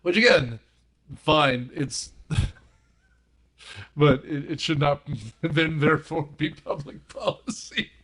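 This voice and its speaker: A man's voice: on the high side, slow, long pauses, fairly bright tone. A man on a movie podcast panel, animatedly retelling film scenes and giggling as he talks. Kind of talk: casual movie discussion.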